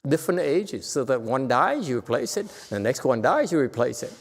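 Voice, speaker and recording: Speaking a little fast at a medium pitch, a male Buddhist teacher gives his class a Dharma talk under the long reverb of a temple hall. His earnest delivery turns emphatic and animated, punctuated by laughter.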